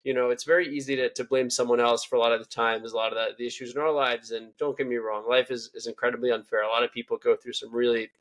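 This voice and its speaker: Quick, rambling young male podcast host, mid-pitched. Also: flat delivery, a bit bright. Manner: chatty, rambling, lots of "you know". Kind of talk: casual interview talk.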